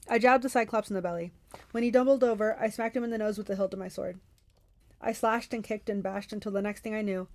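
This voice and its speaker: A woman hosting a book club, reading a novel aloud expressively with quick self-corrections. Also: mid-range voice, a little mellow, no echo.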